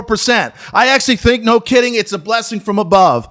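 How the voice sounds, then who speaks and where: An American man hosting a stock trading channel, talking to camera in a brash, boastful, profane and excitable way. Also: high voice, a little fast, few pauses. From United States. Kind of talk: casual market commentary to camera.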